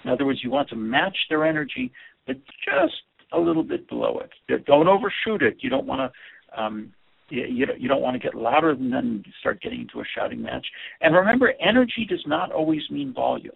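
A man's voice: a little high, big pitch swings, brisk, creaky, slightly rough. A man giving an earnest instructional talk on communication, often repeating words as he stresses his points. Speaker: communication teacher. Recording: tinny phone-like audio.

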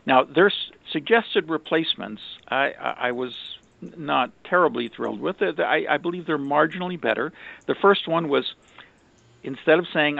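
A man explaining relationship advice in a halting, casual way, with many restarts and fillers. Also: a little high, lively intonation, gravelly, fairly bright tone, no echo. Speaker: relationship communication commentator. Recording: dry, phone-like narrow sound.

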